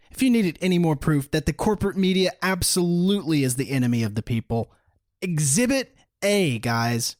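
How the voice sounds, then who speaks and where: A man's voice: high voice, darkish tone, dry recording, clean studio sound. A man hosting a solo political podcast, talking in an indignant, mocking way and laughing at his own points. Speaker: podcast host.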